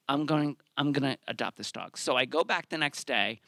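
A middle-aged man telling a personal story live on a theater stage, animated and acting out his own thoughts in quotes. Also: medium pitch, normal speed, no echo, studio quality.

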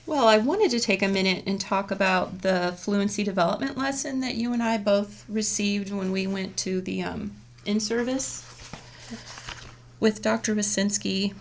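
Laughing often, a woman explains a teaching method she uses in her elementary classroom, keeping things friendly and chatty. Her voice is mid-range and her speed normal, and the exchange has the feel of casual shop talk between professionals.

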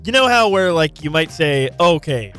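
Male sports talk co-host, higher voice, pushes back and debates, light music bed under him. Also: animated, normal speed, fairly bright tone. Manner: argumentative, questioning, retells anecdotes.

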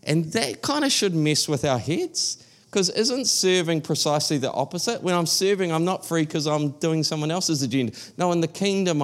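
A man's voice: on the high side, lively intonation, moderate pace. A man giving a sermon at a church service, talking casually with frequent restarts and emphatic repetition. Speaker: preacher.

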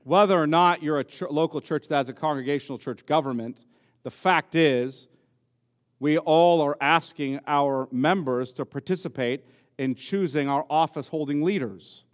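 In a church sanctuary, a male pastor preaches a sermon at normal speed in a fairly high voice, emphatic and repeating key words for stress. The recording carries the long reverb of a church hall.

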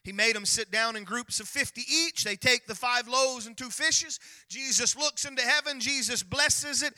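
A male pastor preaching a sermon, emphatic and rising to near-shouts as he retells scripture. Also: very high-pitched, normal speed, dry recording.

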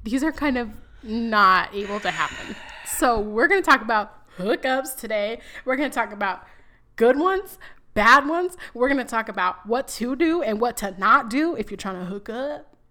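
A bright-voiced woman co-hosting a chatty podcast, pitched a little high. She tells stories bluntly and laughs often, acting out other people's lines with plenty of cursing. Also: expressive, normal speed. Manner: candid, laughing, acts out quotes with cursing. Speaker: podcast co-host. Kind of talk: casual chat.

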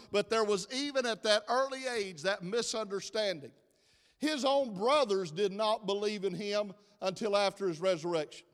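A middle-aged man preaching a sermon in a church, folksy and chatty, joking with his congregation. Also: high-pitched. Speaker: pastor. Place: church sanctuary. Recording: long reverb of a church hall.

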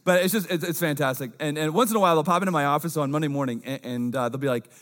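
A man, a young-adult pastor, preaching a casual sermon, dropping low and quiet for asides and rising loud for emphasis. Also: rapid-fire, few pauses.

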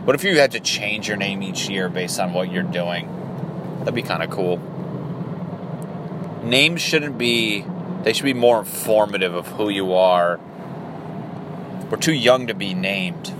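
Lowish guy comedian cussing and laughing thru bits while driving, loud road noise in the car. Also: measured pace, long pauses. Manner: crude, profane, laughing asides. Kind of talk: rambling comedy workshop monologue.

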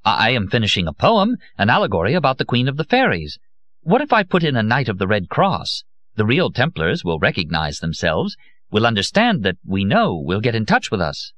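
A man voicing a nervous male poet who speaks haltingly, with effort. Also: lowish voice, wildly swooping pitch, a bit bright, no echo, muffled recording, pitched above the performer's own voice. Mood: anxious.

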